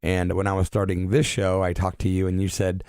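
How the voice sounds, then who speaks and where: A male radio host chatting casually with a guest in a studio, easygoing and quick to laugh. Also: sits low, completely flat delivery, a little mellow, smooth, dry recording. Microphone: studio microphone.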